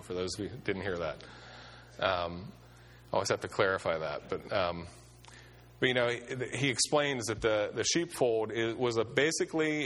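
A man's voice: fairly low pitch, fairly bright tone. A man preaching a sermon as pastor, telling stories in a conversational way with frequent fillers.

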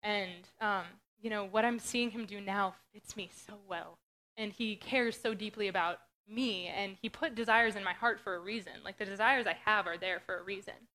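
A woman's voice: mid-range voice, normal speed, bright, forceful tone. A young woman from Western Pennsylvania sharing her testimony in an earnest, conversational way with many fillers. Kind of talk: casual testimony talk.

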